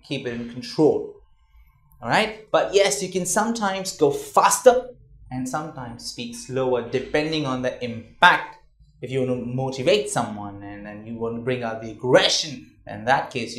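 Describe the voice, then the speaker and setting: A man's voice: mid-range voice, roomy sound. A man teaching a communication class in a conversational way, often checking in with "all right?". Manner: conversational, repeats words, asks "all right?". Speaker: communication trainer. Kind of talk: classroom lecture.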